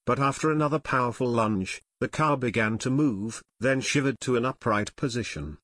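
Here a man with an ordinary middle-pitched voice spins a full-length adventure audiobook, his pitch swinging widely as he builds suspense in expressive storytelling. It's recorded up close and dry, without any room sound.

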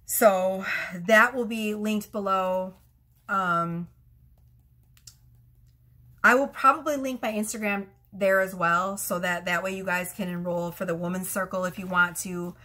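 A woman tarot reader rambling excitedly to her followers in a casual vlog, swearing freely and restarting her sentences. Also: medium pitch, unhurried.

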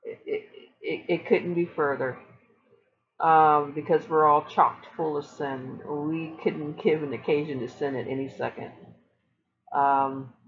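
A woman's voice: deep voice, fairly even intonation, unhurried, highs cut off. A woman preaching casually to her viewers, earnest and emphatic, with repeated phrases for stress. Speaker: online Christian speaker.

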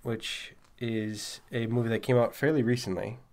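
A man's voice: mid-range voice, steady tone, normal speed, a little mellow. A man with a Massachusetts accent co-hosting a podcast, chatting in a wry, questioning, joking way. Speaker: podcast co-host. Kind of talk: casual chat.

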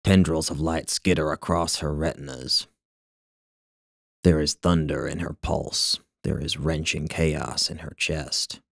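Man, author reading his own story, measured and wry, extremely deep, gravelly, dry close recording. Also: fairly even intonation, dry recording. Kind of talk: scripted literary narration.

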